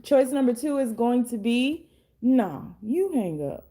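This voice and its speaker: Hoarse young woman tarot reader, mellow, slightly high voice, blunt and chatty. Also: animated, takes it slowly. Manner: chatty, blunt, swears casually. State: hoarse, losing her voice. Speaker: tarot reader and life coach. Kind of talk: casual tarot reading.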